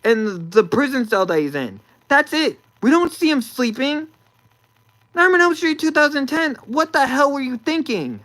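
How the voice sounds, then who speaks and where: A woman's voice: high voice, animated, normal speed, fairly bright tone, rough recording. A young woman ranting about a movie, exasperated, sighing and repeating words as she talks.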